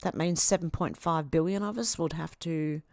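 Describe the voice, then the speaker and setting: A woman's voice: low-pitched, moderate pace, darkish tone, dry recording, studio quality. An Australian woman in her fifties hosting a casual livestream, reading viewer comments aloud and chatting back to them. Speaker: livestream host.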